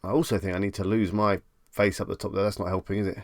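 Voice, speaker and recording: Gravelly low-voiced man, chatty live streamer. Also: little pitch movement, fast talker, darkish tone, no echo, studio quality. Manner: chatty, reads questions aloud and muses on them. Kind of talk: casual live-stream chat.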